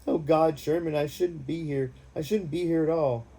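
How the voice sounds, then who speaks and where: A man's voice: mid-range voice, animated, moderate pace, dark tone, breathy edge, rough recording. A man voicing a panicked fifteen-year-old boy soldier, sobbing and pleading.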